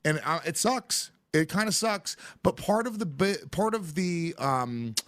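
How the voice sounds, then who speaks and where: A man's voice: high voice, animated, unhurried, a bit bright, no echo. Brash, profane man, dry close mic. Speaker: podcast co-host. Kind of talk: casual chat.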